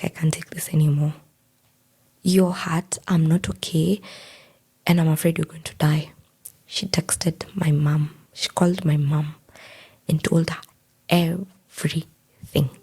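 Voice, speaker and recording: Husky, low Kenyan woman telling her story. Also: a little mellow. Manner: recounts events by acting out quoted dialogue. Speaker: podcast guest. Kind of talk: personal storytelling in a podcast.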